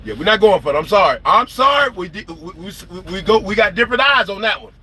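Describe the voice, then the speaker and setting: A man's voice: sits high, lively intonation, fast talker, sharp tone, breathy edge. A man telling stories in a casual, profane rant on a porch, and he acts out the people he quotes. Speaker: trucker vlogger. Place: porch, outdoors.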